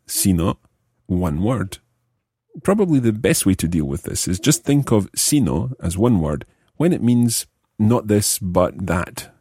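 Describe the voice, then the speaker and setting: Deep husky male language teacher. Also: mellow, no room sound, clean studio sound. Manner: explains slowly, repeats example phrases. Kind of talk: podcast language lesson.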